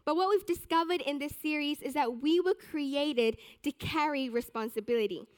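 A young woman giving a sermon, telling a personal story with animated, self-mocking humor. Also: high-pitched, normal speed. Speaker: church speaker.

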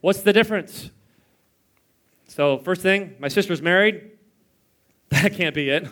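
A man's voice: high voice, unhurried, a bit bright. A man in his thirties preaching a sermon in church, telling stories with playful mimicry and chuckles. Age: 30s. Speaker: pastor.

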